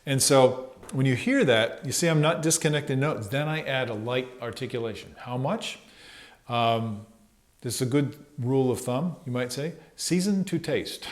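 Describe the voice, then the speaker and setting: A man's voice: medium pitch, moderate pace. A man giving a casual trumpet lesson, thinking aloud with fillers and sometimes singing syllables to show phrasing. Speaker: trumpet teacher.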